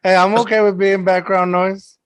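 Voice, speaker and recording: A man's voice: high-pitched, flat delivery, moderate pace, clear, resonant tone. A man hosting a podcast, telling stories in casual chat with lots of fillers and laughter. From San Antonio, Texas. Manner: loose storytelling, heavy "like" fillers, laughs often. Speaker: podcast host.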